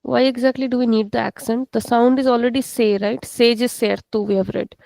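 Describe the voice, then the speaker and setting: A woman's voice: fairly high pitch, steady tone, brisk, gravelly, a little mellow, dry recording. A woman teaching a live online class, patiently explaining and repeating words for her students. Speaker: Portuguese teacher.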